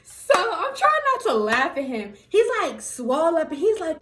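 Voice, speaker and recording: A young woman telling a story to her viewers in a casual vlog, animated and laughing often. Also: sits high, normal speed. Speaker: vlogger.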